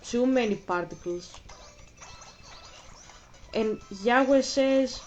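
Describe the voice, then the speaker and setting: Brief: woman streamer, slightly high voice, rambling repetitive chat over a game, faint music behind. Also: slow, darkish tone, dull audio. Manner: rambling, repeats herself, breaks off for game moves. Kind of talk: casual livestream chat while gaming.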